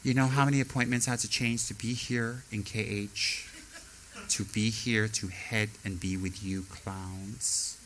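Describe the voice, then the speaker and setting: A man's voice: lowish voice, steady tone, unhurried, background noise, natural voice. A man voicing a self-important male committee member, bossy and disdainful. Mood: haughty.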